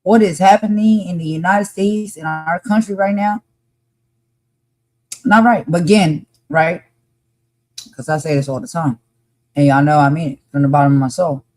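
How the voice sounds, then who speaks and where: A woman's voice: deep voice, steady tone, moderate pace, long pauses, a little mellow. A woman co-hosting a live podcast discussion, talking passionately and emphatically and repeating her points for force.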